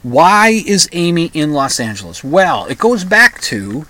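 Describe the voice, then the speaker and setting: Rambling, halting man from the upper Midwest. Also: fairly high pitch, sing-song, pushed and bright. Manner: rambling, halting, many restarts. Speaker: podcast host. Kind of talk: casual monologue.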